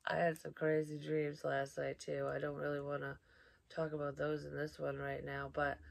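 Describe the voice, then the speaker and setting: A woman's voice: low voice, level tone, unhurried, gravelly, pauses often. A middle-aged woman who works as a psychic medium, telling a rambling, casual story and swearing freely. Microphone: built-in mic, external microphone not plugged in.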